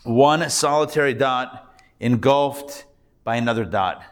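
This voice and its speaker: In an unhurried, mid-range voice, a male rabbi patiently sounds out and repeats syllables while teaching a live Hebrew reading class, recorded in a room.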